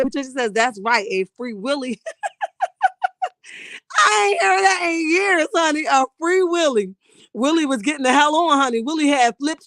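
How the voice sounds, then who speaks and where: A woman hosting a live stream, reading viewer comments aloud in a sassy, animated way and calling people honey. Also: on the high side, no echo, studio quality. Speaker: livestream host reading chat. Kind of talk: casual live chat.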